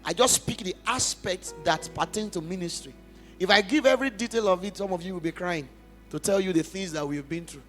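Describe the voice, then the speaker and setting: A young adult pastor from Nigeria with a Nigerian accent, giving an emphatic, passionate sermon testimony in church. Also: male voice, high voice, moderate pace, faint music behind. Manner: emphatic, passionate preaching with big swings in loudness.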